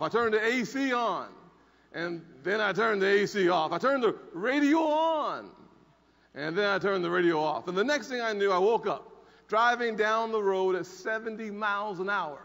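This forties-aged man has a high-pitched, fairly bright voice as he gives a forceful conference speech in a large hall. He recounts a personal story and repeats key lines from a podium microphone, recorded in dull audio with long reverb.

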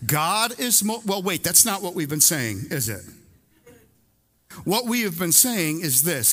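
A man preaches a sermon to his congregation in a bright, forceful voice that sits a little high. He talks conversationally but with real emphasis, driving home his points by repeating them. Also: sing-song, unhurried. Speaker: pastor. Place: church service before a congregation.

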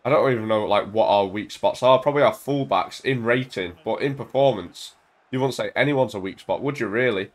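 A young gaming YouTuber commentates casually on his own football video game at home, speaking into a desk mic. His medium-pitched voice runs a little fast, excitable and full of banter, and he bursts into shouts whenever his team scores.

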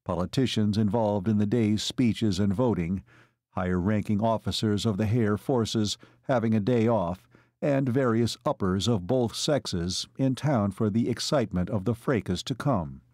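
A man narrating a novel as an audiobook, in a measured storytelling manner. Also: fairly low pitch, darkish tone, no echo, clean studio sound. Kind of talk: scripted narration.

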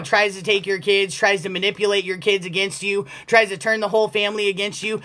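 A woman's voice: mid-range voice, a bit bright. A woman giving a casual collective tarot reading, blunt and profane and often breaking into laughter. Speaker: tarot reader.

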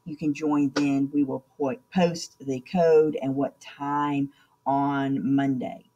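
A woman teacher with a low voice records a walkthrough of class assignments at her computer. She is chatty and keeps checking in with "okay?" as she goes. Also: little pitch movement, takes it slowly, dark tone, dull audio. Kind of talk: screen-recorded class instructions.

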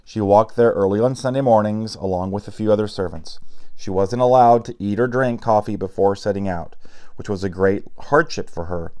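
A man reading a novel aloud, unhurried with small slips and personal asides. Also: fairly low pitch, a little mellow. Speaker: audiobook reader.

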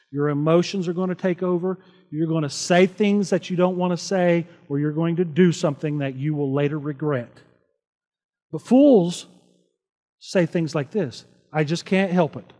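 A man's voice: sits high, darkish tone, in a large hall. A man preaching a sermon as pastor, earnest and conversational, asking the congregation rhetorical questions. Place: church sanctuary.

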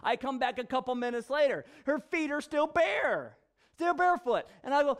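A man who is a young father and pastor, giving a conversational sermon full of personal stories and animated repetition. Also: very high voice, moderate pace. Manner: animated storyteller, repeats himself for effect.

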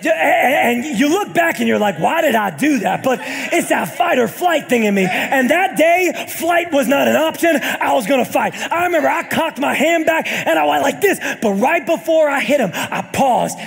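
High, gravelly-voiced shouting young pastor. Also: male voice, expressive, normal speed, hardly any pauses. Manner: builds to shouted, sing-song preaching peaks; storytelling with call-outs to the congregation. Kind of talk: sermon. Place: church hall with congregation. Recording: live church hall reverb. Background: congregation.

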